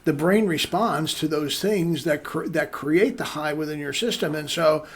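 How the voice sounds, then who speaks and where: A man representing an addiction clinic, explaining treatment in a measured way with frequent restarts. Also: on the high side, husky. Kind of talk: interview answers.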